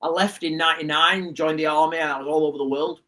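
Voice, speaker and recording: A man in his forties talks straight to his livestream viewers, with a fairly high voice. He keeps circling back over his points and calls everyone guys. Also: steady tone, fast, bright, forceful tone. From Rotherham, England. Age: 40s. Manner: repeats himself and addresses viewers as guys. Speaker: livestream host. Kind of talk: casual political commentary livestream.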